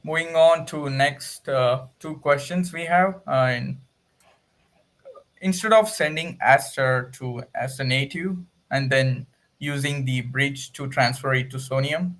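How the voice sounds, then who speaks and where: A man's voice: medium pitch, fairly bright tone. A man moderating a community call, thanking speakers and reading out user questions.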